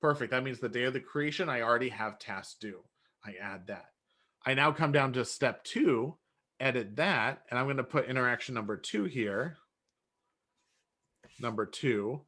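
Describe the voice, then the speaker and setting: A man explaining step by step how to build a workflow in software, relaxed and often correcting himself. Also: medium pitch, moderate pace. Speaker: software trainer. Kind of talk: screen-share software tutorial.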